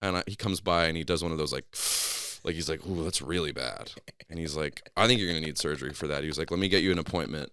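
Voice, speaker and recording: A man's voice: a bass voice, rapid-fire, hardly any pauses, clean tone, no echo, clean studio sound. A man casually telling a long story on a podcast, acting out the people in it with raised voices. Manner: animated, acts out quoted people in a raised voice.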